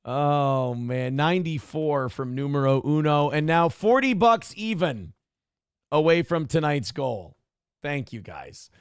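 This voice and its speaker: A man with a somewhat high voice hosts a live show and reads viewer donations aloud. He sounds exasperated and laughs often. His voice is close and dry, with almost no room sound. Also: lively intonation, a little slow, clear, resonant tone, no room sound. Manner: exasperated, laughing, swears freely. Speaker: radio show host reading viewer donations. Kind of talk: casual live-stream talk.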